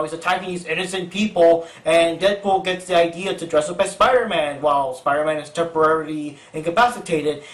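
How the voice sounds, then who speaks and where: A chatty young man hosting an off-the-cuff comic review, rambling along playfully in a fairly high voice. The room is echoey and he sits a good way from the mic. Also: fairly bright tone. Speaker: comic book reviewer, host. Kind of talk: casual improvised review. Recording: roomy echo, distant mic.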